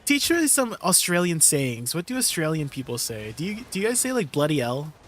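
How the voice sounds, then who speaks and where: A man's voice: high voice, big pitch swings, brisk, a bit bright, a little hiss or hum. A man streaming live and chatting casually with his viewers, laid-back and laughing often. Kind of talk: casual livestream chat with viewers.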